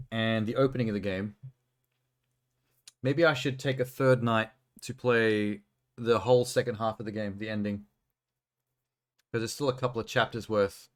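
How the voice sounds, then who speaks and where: A man casually commenting as he plays a video game on a live stream, chatty and given to swearing and talking to himself. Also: mid-range voice. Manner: chatty, profane, self-talking while playing. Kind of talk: casual let's-play commentary.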